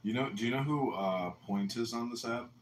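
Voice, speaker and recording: A man's voice: medium pitch, normal speed. A man hosting a casual audio room chat, full of crude mocking jokes. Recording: roomy echo, faint noise.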